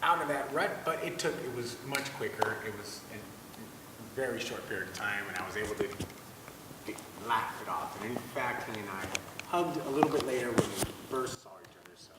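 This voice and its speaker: A man in a class sharing a personal story, halting and self-mocking with many restarts. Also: mid-range voice, expressive. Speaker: class participant. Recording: distant, echoey hall with noise.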